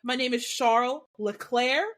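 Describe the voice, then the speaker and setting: A woman's voice: a little high, steady tone, a little slow, fairly bright tone. A woman co-hosting a podcast in casual chat, chatty and joking, speeding up as she explains. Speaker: podcast co-host.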